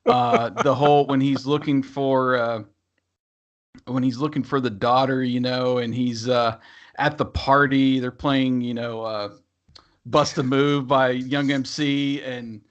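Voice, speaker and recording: On a dull, lo-fi recording, this podcast co-host talks movies in a loose, rambling way full of fillers and false starts. He has a steady, mid-range voice and speaks a little slowly.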